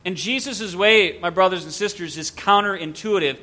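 A man preaching a sermon to his congregation, earnest, with rhetorical questions and drawn-out pauses. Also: high voice, pushed and bright. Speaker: pastor.

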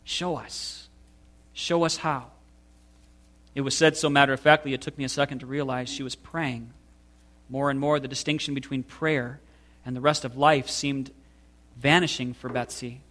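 A man reading a memoir passage aloud to listeners in a slow, deliberate, expressive way. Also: mid-range voice. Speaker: reader.

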